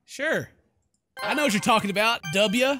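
Goofy, bright-voiced gameplay commentator. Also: male voice, sits high, normal speed, faint music behind. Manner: loud, goofy, shouting and laughing at the game.

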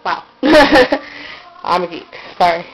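A woman's voice: fairly low pitch, lively intonation, slow, faint music behind, rough recording. A woman giving a rambling, giggly tour of her bedroom, recorded on a handheld camera's built-in mic. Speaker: vlogger giving a room tour. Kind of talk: casual handheld room-tour chat. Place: her own bedroom, indoors.

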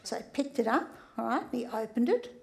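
A middle-aged sex therapist with an Australian accent and a high-pitched, gravelly voice gives a public lecture. Expressive and a little fast, she's humorous and keeps checking in with the audience.

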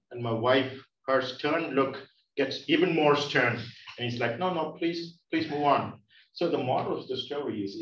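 A man's voice: medium pitch, fairly bright tone. A man from India giving a humorous speech to an audience, playfully teasing listeners with questions. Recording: roomy, distant, dull sound.

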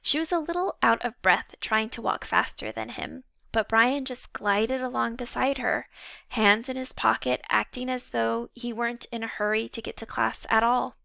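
A woman narrating a children's novel aloud in an expressive, measured reading style. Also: fairly high pitch, gravelly, no room sound. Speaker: audiobook reader. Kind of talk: storybook narration.

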